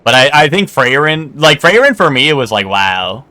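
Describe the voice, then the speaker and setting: A man's voice: mid-range voice, sing-song, moderate pace, pushed and bright, no room sound. A young man streaming live, chatting casually in a rambling way, full of filler words and restarts and casual swearing. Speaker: game streamer.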